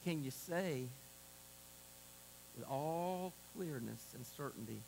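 Male pastor, sermon, high voice, gravelly, slow deliberate delivery, loud cries and hushed prayer. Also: animated, a little hiss or hum, poor audio. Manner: preacherly, swings from loud exclamations to hushed altar call. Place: church sanctuary.

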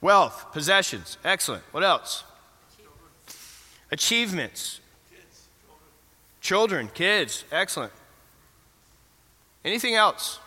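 A man's voice: high-pitched, very animated, slow pace, pauses often, sharp tone. A man preaching an interactive sermon in a church, asking the congregation questions and affirming their answers. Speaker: pastor. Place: church sanctuary. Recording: reverberant church hall.

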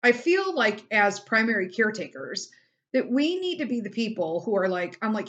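A woman's voice: mid-range voice, big pitch swings, normal speed, a bit bright. Profane venting woman, lo-fi podcast. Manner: blunt and profane, venting with frequent swearing. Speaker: podcast host. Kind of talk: casual solo podcast rant.

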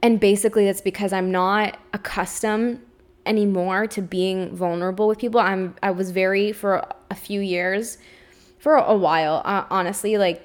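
A woman's voice: mid-range voice, steady tone, moderate pace. A young adult woman hosting a solo podcast, talking openly and emotionally, with a lot of "like" in her speech. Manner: emotional, open, says "like" often. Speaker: podcast host. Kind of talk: candid solo podcast monologue.

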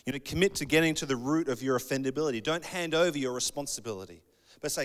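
A man preaching a sermon in a conversational, animated way, acting out bits of dialogue. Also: medium pitch, quick pace. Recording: long hall reverb.

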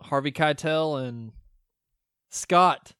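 A man's voice: on the high side, extremely slow, a bit bright, clear, resonant tone, no room sound, studio quality. A man co-hosting a casual movie podcast, recapping scenes and acting out lines with laughter. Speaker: podcast co-host.

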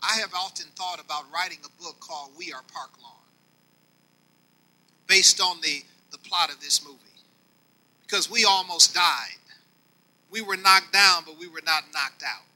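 Male pastor, older, folksy sermon delivery with a high, very bright tone. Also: normal speed, long pauses, poor audio. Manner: preaching with swings between soft and loud; folksy, talks directly to the congregation.

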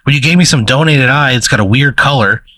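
A man's voice: mid-range voice, fast, sharp tone, no echo, studio quality. A man co-hosting comic banter, exasperated and swearing heavily as he reacts. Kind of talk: improvised comedy banter.

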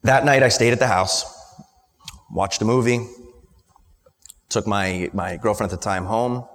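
A man's voice: fairly low pitch, unhurried, a bit bright. A man in his late twenties, a business owner telling an emotional personal story at a live talk and stuttering at moments. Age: late 20s. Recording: long hall reverb from a live event.

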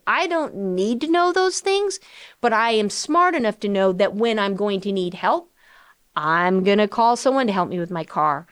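A middle-aged woman hosting a financial planning show, talking in a chatty, animated way with rhetorical questions. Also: mid-range voice, no room sound, studio quality. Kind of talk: conversational radio-style finance talk.

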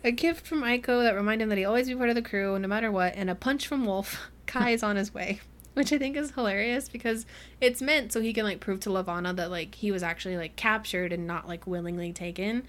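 A young woman co-hosting a podcast, recapping a novel in casual chat and acting out the characters' lines with quick laughs. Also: mid-range voice. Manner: chatty recap with acted-out quotes and frequent laughs. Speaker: podcast co-host. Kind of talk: casual book-club chat.

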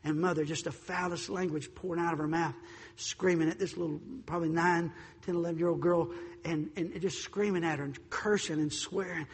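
A man preaching a sermon, telling stories in an animated way, acting out voices, and swinging between loud and soft. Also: fairly high pitch, fairly quick, breathy edge, in a large hall. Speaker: pastor.

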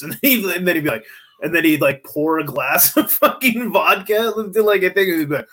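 A man in casual podcast chat, telling stories in a profane, excitable way from home. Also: high voice, a little fast.

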